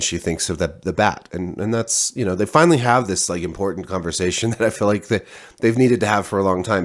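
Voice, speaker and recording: A man, a parent, giving a casual spoken TV review, rambling with many restarts and fillers. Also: deep voice.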